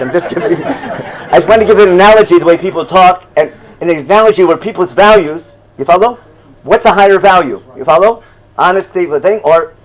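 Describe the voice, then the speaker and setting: A man's voice: on the high side, low-quality recording. An older man teaching a Torah class in a loose, conversational way, often asking "you follow?" and chuckling at his own asides.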